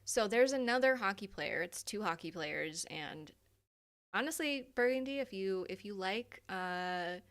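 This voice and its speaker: A woman's voice: mid-range voice, lively intonation, a little slow, a bit bright. Chatty woman hosting a live stream. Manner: chatty, laughing, swears freely. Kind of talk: casual live chat.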